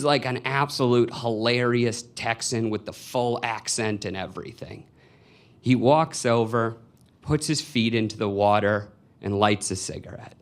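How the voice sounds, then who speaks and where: A man in his twenties telling a personal story live on stage, in a wry, confessional way. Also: medium pitch. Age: 20s. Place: stage before a live audience.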